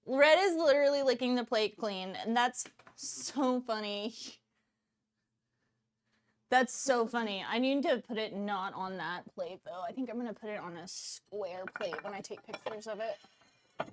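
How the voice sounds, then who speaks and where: A woman's voice: medium pitch, measured pace. A woman hosting a cooking livestream, chatting casually with viewers in a bubbly way and laughing often. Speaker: cooking streamer host.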